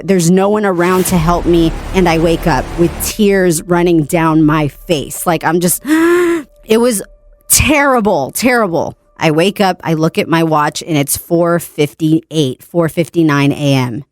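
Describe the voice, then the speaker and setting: A young woman hosting a podcast, casually and vividly retelling a nightmare and acting out her own shouts. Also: fairly low pitch. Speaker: podcast host. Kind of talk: casual dream storytelling.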